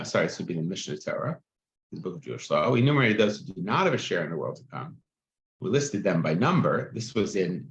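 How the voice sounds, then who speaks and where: A man's voice: lowish voice, creaky. A man teaching a text-study class, reading passages aloud and explaining them in a chatty way, checking in with "right?" as he goes. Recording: muffled, echoey room.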